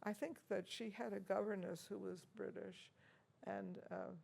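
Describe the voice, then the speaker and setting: An older American woman recalls her past in an interview, speaking with a heavily creaking, gravelly voice that is husky and a bit rough. Her pitch sits in an ordinary middle range. She tells her stories in a chatty, chuckling way, often pausing and starting a phrase over. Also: steady tone, a little mellow. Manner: anecdotal, chuckling, hesitant restarts. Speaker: interviewee, organist and teacher. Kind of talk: reminiscing interview talk.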